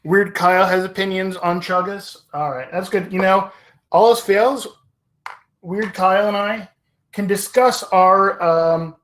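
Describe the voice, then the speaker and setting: A man's voice: sits high, fairly bright tone. Rambling man hosting a casual stream. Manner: rambling, hesitant, with many ums and self-corrections. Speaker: livestream host. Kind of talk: casual livestream chat.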